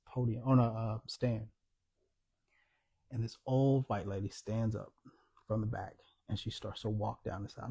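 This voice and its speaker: An author at a live book talk, his voice mellow and a little husky. He tells his story with energy and acts out the dialogue of the people in it. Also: mid-range voice. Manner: animated storyteller acting out quoted dialogue. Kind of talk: storytelling conversation.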